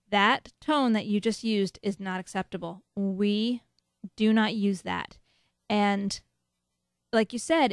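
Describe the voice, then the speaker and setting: Frank, gravelly-voiced mom giving advice. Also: female voice, medium pitch, dry recording, studio quality. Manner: frank, matter-of-fact, firm. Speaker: podcast host answering listener questions. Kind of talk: casual advice talk.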